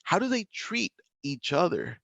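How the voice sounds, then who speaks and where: A man teaching a literature lesson, talking in a lively, chatty way with frequent laughter and restarts. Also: high voice, measured pace, creaky, no echo, muffled recording. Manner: animated, chatty, laughs often, many restarts. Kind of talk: recorded classroom lesson.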